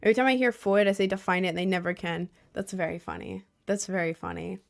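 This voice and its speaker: A young woman livestreaming, chatting casually with her viewers in a rambling, animated way with lots of "like" and laughter. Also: lowish voice, fast, gravelly. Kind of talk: casual livestream chat reading viewers' messages.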